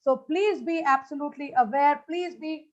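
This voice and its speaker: A high-voiced woman gives a motivational keynote over a video call. She talks with lots of energy, repeats her greetings and fills pauses with lots of "uh"s. The audio comes through dull and lo-fi. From India. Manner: energetic, repetitive greetings, many fillers. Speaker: motivational speaker. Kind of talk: conference keynote talk.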